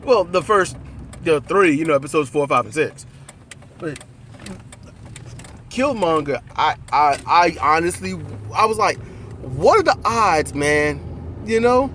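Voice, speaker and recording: A man in casual, animated conversation about a movie, riffing with profanity and acting out lines while riding in a car. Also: a little high, unhurried, long pauses, slight background noise. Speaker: co-host.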